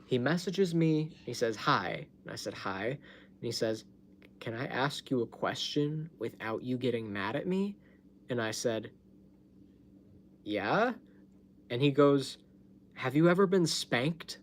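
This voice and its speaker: A man's voice: medium pitch, lively intonation, measured pace, pauses often, a little hiss or hum. A man hosting his own live stream, chatting casually and telling a story, laughing often and swearing freely, recorded on a phone at home. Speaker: livestream host.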